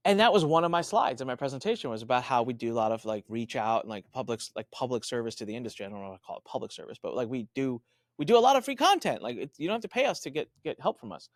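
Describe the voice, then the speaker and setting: A man in the middle of his voice range tells a story to a podcast host, and his pitch leaps whenever he acts out what other people said. The mic is close and dry. He talks in loose bursts full of fillers and restarts. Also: very fast, dry recording. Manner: animated, acts out quoted voices with big pitch jumps. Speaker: podcast guest. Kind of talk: storytelling in an interview.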